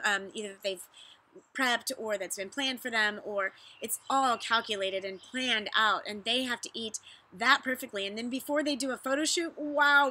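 A woman's voice: fairly high pitch, bright, forceful tone. A woman fitness vlogger chatting casually to her viewers, talking in loose bursts with restarts and reading their messages aloud. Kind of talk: casual chat to camera.

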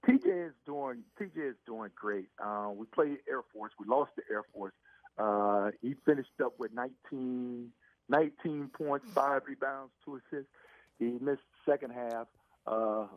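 A man's voice: mid-range voice, normal speed, no echo. A middle-aged former football player, a guest on sports radio, talking casually and emphatically, restarting and repeating his phrases. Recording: dry, tinny phone line.

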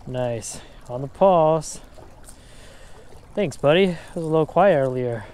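A man vlogging while fishing outdoors, chatty and excitable, talking straight to his viewers. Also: a little high, measured pace. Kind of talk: casual outdoor vlog. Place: outdoors by the water at night in wind. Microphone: camera mic covered against wind. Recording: outdoor mic with loud wind noise.

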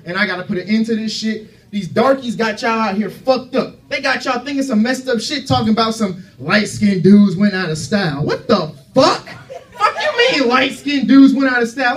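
A man in his thirties doing a loud, brash, profane stand-up set to a club crowd. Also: extremely high pitch, recorded from a distance. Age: 30s. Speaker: stand-up comedian. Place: comedy club stage.

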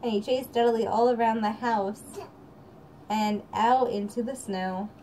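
A mother at home reading a bedtime story to her baby, with slow, sing-song, coaxing talk. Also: a little high, steady tone, mellow. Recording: distant home video with faint background noise.

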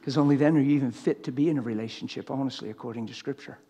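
A man preaching a sermon in a church, impassioned, swinging from loud urgent stretches to hushed, quiet ones. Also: medium pitch, racing, slightly rough, muffled recording. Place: church sanctuary.

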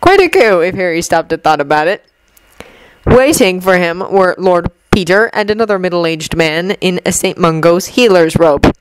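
A woman narrating a fan fiction audiobook in a steady storytelling manner. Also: fairly low pitch, normal speed, clean tone, dry recording, rough recording.

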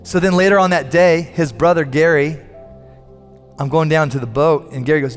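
A male pastor delivering a sermon, earnest and often stumbling over repeated words as he gathers momentum. His voice is fairly high for a man. It rings out with long hall reverb, and faint music plays underneath. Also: fairly even intonation, moderate pace, pauses often. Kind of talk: sermon storytelling.

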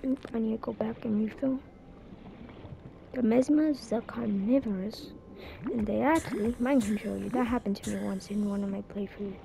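A young woman giving casual, chatty commentary as she plays a game, with quick excited exclamations. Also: on the high side, gravelly, slight background noise. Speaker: gamer. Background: game music.

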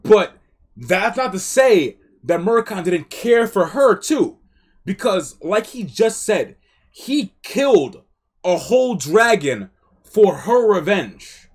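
A male streamer gives casual live reaction commentary on a comic. He talks in slangy, excitable bursts and keeps answering the story as he goes. His voice sits a bit high and swings up and down all the time. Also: takes it slowly.

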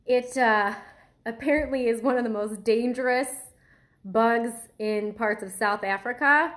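A woman with a fairly high, fairly bright voice speaks at a measured pace, vlogging to the camera as she tries a strange food. Nervous and giggly, she laughs through her fear in this casual food-tasting vlog.

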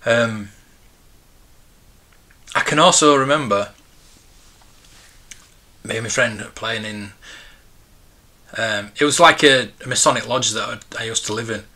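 Speaking a little slowly with long pauses, a man at medium pitch uses a bright, forceful tone. The forty-something Brit hosts a casual live stream, reading viewer comments and reminiscing in a rambling way.

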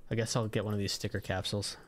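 A man chatting casually with friends during a game, relaxed and amused. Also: on the low side, very fast, dry recording. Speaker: gaming friend. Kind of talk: casual gaming chat.

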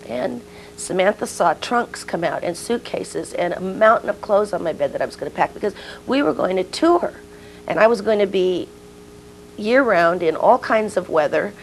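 A woman's voice: mid-range voice, expressive, moderate pace, a little hiss or hum, rough recording. A woman in her sixties, a guest in an interview, telling personal stories and acting out the dialogue. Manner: storytelling, acts out quoted dialogue. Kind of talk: casual interview chat.

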